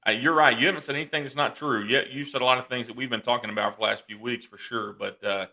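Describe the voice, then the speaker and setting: A man co-hosting a sports show, talking in an excitable way with frequent restarts. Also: mid-range voice, fast, vocal fry. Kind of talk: casual sports talk.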